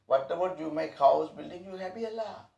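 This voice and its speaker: Male spiritual teacher, broken repetitive English, slightly high gravelly voice. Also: fairly quick, warm tone, distant mic, muffled recording. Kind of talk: informal spiritual talk. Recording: echoey room, voice off-mic.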